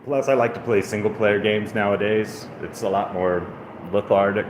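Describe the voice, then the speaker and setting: A man's voice: on the low side, steady tone, moderate pace, echoey room, noisy background. A man streaming casually from an apartment, rambling and self-deprecating, cooing at a cat between thoughts. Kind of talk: casual livestream chat. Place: indoors in an apartment.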